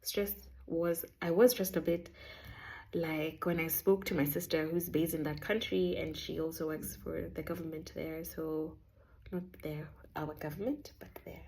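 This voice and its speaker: Chatty woman with a warm voice. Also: low voice, unhurried. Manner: chatty, animated, sprinkles in Swahili words. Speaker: vlogger sharing a faith testimony. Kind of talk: casual storytelling.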